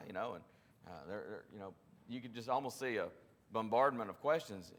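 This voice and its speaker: A man's voice: on the low side, normal speed, fairly bright tone, in a large hall. A man leading a Bible study, teaching conversationally, often restarting his sentences and acting out quotes. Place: church classroom.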